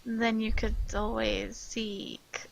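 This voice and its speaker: A woman narrating a tabletop game as game master, describing scenes slowly and hunting for words. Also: fairly high pitch, level tone, creaky, a little hiss or hum, poor audio. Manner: slow, hesitant description with searches for words.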